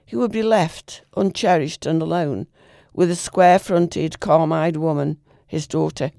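A woman reading a literary short story aloud in a measured, expressive way. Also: sits low, gravelly, no echo, clean studio sound. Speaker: reader.

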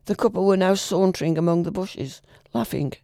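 A woman reading a literary short story aloud in a measured, expressive way. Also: fairly low pitch, gravelly, no room sound, clean studio sound. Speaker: reader.

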